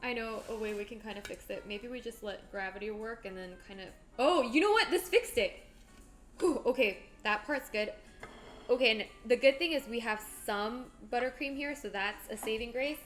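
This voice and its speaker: A woman's voice: fairly high pitch, moderate pace, a bit bright. A woman live-streaming her cooking in a home kitchen. She talks herself nervously through each step and reads viewer chat aloud.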